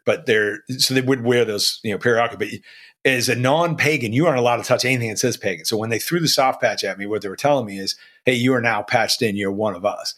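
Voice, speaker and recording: A man's voice: lowish voice, fairly bright tone. A man telling a story about his undercover past in a blunt, profane, casual way, as a podcast guest.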